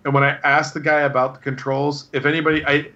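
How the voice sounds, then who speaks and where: A man's voice: on the high side, little pitch movement, quick pace, bright, forceful tone, highs cut off. A man chatting casually as a podcast host, enthusiastic and rambling with lots of fillers. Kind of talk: casual chat.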